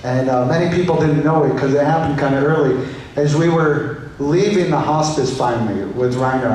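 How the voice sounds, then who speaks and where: A man speaking as a pastor at a memorial service, gentle and halting, restarting his phrases often. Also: mid-range voice, a little hiss or hum. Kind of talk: memorial eulogy. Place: large church hall. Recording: echoey church hall, voice heard from far off.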